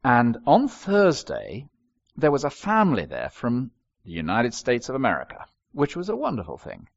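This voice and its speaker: A man's voice: mid-range voice, normal speed, gravelly, lo-fi sound. An older man preaching a sermon, telling stories with wry humour. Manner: expressive storytelling with wry humour.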